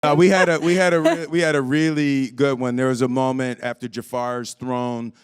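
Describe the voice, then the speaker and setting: A man in his fifties answering questions at a press conference, moving from reflective talk to animated storytelling. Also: medium pitch, normal speed, clear, resonant tone. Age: 50s. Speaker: lead actor at a press conference.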